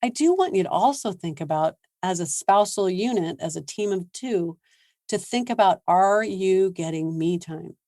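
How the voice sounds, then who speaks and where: A woman parenting coach giving a seminar talk, animated and laughing often as she acts out quoted lines. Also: lowish voice, moderate pace, no room sound, studio quality.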